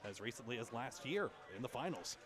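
A man giving calm color commentary and explaining the playoff format at a bowling match. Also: mid-range voice, fairly quick. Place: bowling alley. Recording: loud crowd in a bowling hall.

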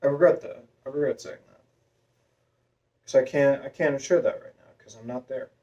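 A vlogger with a masculine voice telling a long personal story in a rambling way, full of fillers and restarts. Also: male voice, medium pitch, moderate pace, dark tone, lo-fi sound. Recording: voice a bit far from the mic.

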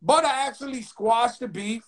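A man's voice: very high voice, normal speed. A middle-aged man hosting a talk show, bantering loosely with laughs and profanity. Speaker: host. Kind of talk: casual talk show chat.

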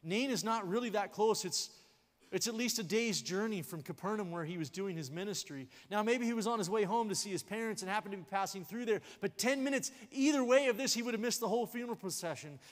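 A man pastor preaching a sermon, animated and jokey, dropping to a hush for weight. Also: high voice, fast. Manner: jokey asides. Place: church sanctuary. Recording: long hall reverb in a church sanctuary.

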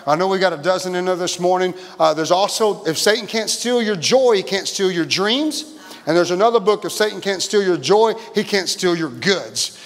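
A pastor preaching a sermon in a church, exuberant, laughing and shouting and calling out to the congregation. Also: male voice, high-pitched, moderate pace. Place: church sanctuary. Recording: church hall reverb.

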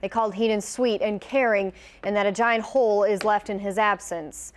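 Woman news anchor, mid-pitched, measured scripted read. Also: steady tone. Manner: measured, formal delivery.

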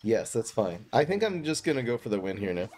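A man's voice: on the low side, big pitch swings, a little fast, a little mellow, slight background noise. A man streaming live, chatting casually and thinking aloud as he plays a card game. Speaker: gaming streamer.

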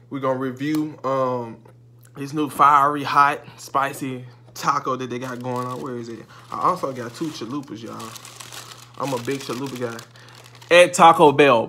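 A man's voice: mid-range voice, bright, forceful tone, a little hiss or hum. Hyped young guy on a food vlog. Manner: loose, chatty slang, hyped. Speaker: YouTuber doing a food review. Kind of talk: casual mukbang vlog.

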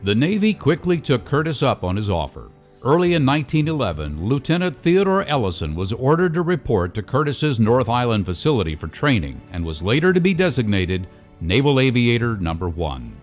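A male documentary narrator reads a polished script, his pitch rising and falling with lively movement at a middling register. The delivery is measured and story-driven, with soft music underneath.

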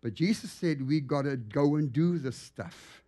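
A man preaching in a church as a guest evangelist, telling stories with lively, acted-out animation. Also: on the high side, measured pace. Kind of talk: storytelling sermon. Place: church sanctuary.

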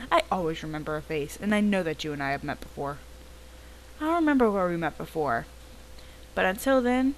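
A woman's voice: low-pitched, slight background noise, rough recording. A woman voicing a rude, impatient male customer who complains and bosses people around. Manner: bossy, complaining, suspicious. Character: rude impatient man demanding ice cream.

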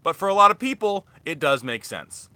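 Chatty young man with a bright voice. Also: on the high side, very animated, moderate pace, no echo. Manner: rambling, chatty, restarts often. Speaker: thrift reseller vlogger. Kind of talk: casual live-stream haul chat.

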